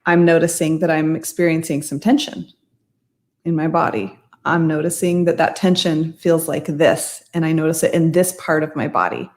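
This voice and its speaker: A middle-aged mindset coach shares a personal story in a low voice with flat delivery at normal speed. It's a casual talk in which she rambles, corrects herself, and laughs now and then.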